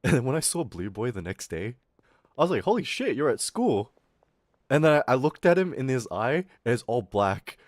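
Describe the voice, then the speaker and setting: A man's voice: medium pitch, very animated, fairly quick, dry recording, studio quality. A young man streaming, telling a school story in a rambling, profane way and acting out the people he quotes. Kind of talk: casual storytelling rant.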